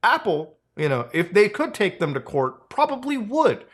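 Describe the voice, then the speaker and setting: A man hosting a casual commentary video, blunt and sarcastic, swearing freely and jumping up in pitch for emphasis. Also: very animated, normal speed. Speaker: host.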